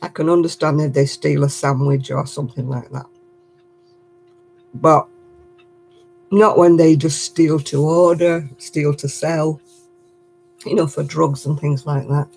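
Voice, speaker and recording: A woman's voice: low voice, steady tone, unhurried, gravelly, long pauses, darkish tone, slight background noise. An older woman, a great-grandmother, chatting casually and laughing often as she reads viewer comments on her crafting livestream.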